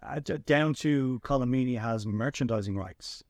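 A man hosting a podcast and telling a story in a chatty, animated way with lots of restarts. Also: mid-range voice, unhurried, no echo, studio quality. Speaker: podcast host. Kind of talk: casual storytelling chat.

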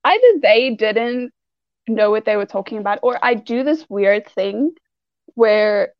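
A woman's voice: on the high side, animated, a little slow, no echo, dull audio. A woman who is a pageant titleholder, a guest in casual chat, giggly and playful on a video call.

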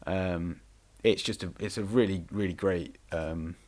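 Rambling deep-voiced man chatting about films. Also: steady tone, measured pace, a little mellow. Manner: rambling, filler-heavy, enthusiastic. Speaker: podcast co-host. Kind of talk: casual film discussion.

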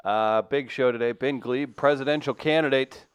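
A man's voice: medium pitch, normal speed, clear, resonant tone, dry recording. A man hosting a casual morning radio show in a studio, teasing his co-hosts with wry, dry humor.

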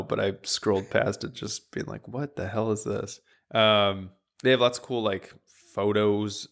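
Low-voiced man rambling on a podcast. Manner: relaxed, rambling, many fillers. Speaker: podcast co-host presenting a whisky distillery. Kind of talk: casual podcast chat.

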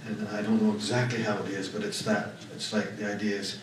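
Speaking fairly quickly with few pauses and a level tone, this lowish-voiced man delivers a sermon as pastor, full of folksy personal stories and emphatic rises on key words. The distant mic picks up room echo and slight background noise.

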